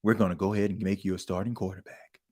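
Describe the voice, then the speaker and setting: A man voicing a gruff older football coach, speaking low, calm and fatherly. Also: fast talker.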